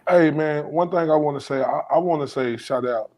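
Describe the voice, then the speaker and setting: A man co-hosting a podcast, asking relaxed, friendly questions and giving shout-outs in casual chat. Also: a little high, normal speed, poor audio. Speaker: podcast co-host.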